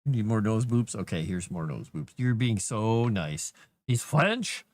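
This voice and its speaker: A man with a fairly low voice talks casually on a live writing stream, greeting viewers and cooing at his cat between thoughts. The sound is close and dry, with no room echo. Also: lively intonation, unhurried, a little mellow.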